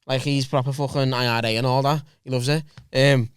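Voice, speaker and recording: A man's voice: mid-range voice, steady tone, brisk, clean tone, no room sound, studio quality. A young adult man, co-hosting a comedy podcast and telling sweary, laughing anecdotes in casual chat. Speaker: podcast co-host.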